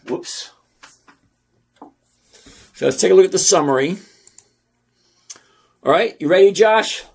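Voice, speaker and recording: A high-voiced middle-aged man hosts a stock trading channel. He goes over on-screen numbers with a casual, mocking, sarcastic air, repeating things slowly to drive them home.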